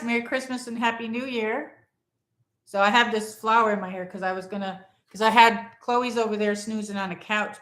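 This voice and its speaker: In a roomy-sounding home setting before a Christmas tree, a woman with a medium-pitched, fairly bright voice livestreams casually from her phone. She chats loosely with viewers, wandering between topics and reading their comments out loud.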